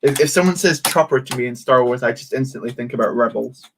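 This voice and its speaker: A man's voice: medium pitch, fast talker, a bit bright. Rambling young man live-streaming a build. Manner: rambling, reads chat aloud, many fillers. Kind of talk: casual live-stream chat.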